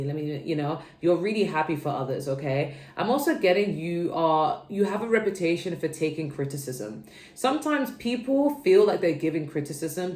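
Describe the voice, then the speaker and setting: A young woman with a low, slightly mellow voice gives her viewers a casual, chatty tarot reading. She rambles and keeps checking in with "okay," and the recording has a roomy echo.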